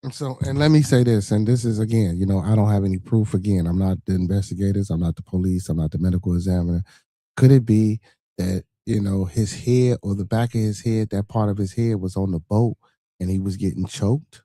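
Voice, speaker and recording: A man's voice: fairly low pitch, fairly even intonation, brisk, warm tone, no echo. A man hosting a podcast, giving loose, rambling, slang-heavy commentary peppered with swearing. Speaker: podcast host commenting on a clip.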